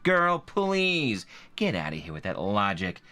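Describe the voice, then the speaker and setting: A man's voice: medium pitch, very animated, moderate pace, fairly bright tone. A man voicing a sassy, fed-up woman book reviewer as a comedic dramatic reading, theatrical and exasperated.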